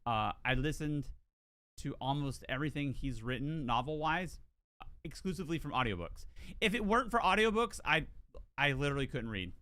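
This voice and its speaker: A man's voice: fairly high pitch, lively intonation, a little fast, bright, forceful tone, no room sound. A man with a southern US accent, streaming a game and chatting in a rambling, self-deprecating way, full of "like" and "dude". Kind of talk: casual stream chat.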